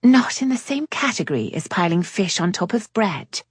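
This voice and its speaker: A woman reading an audiobook voices a prim, fastidious young Englishwoman, raising her voice into a higher, clipped register. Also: sing-song, husky, dry recording, studio quality. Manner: primly exasperated.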